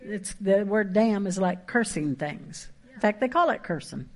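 A woman pastor, preaching a sermon in a folksy, emphatic way with quick asides and rising exhortations. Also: mid-range voice, lively intonation.

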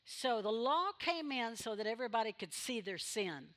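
Bright-voiced woman preaching with fervor. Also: fairly high pitch, big pitch swings. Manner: emphatic preaching with sudden loud exhortations and quick asides. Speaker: pastor. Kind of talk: sermon. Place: church sanctuary.

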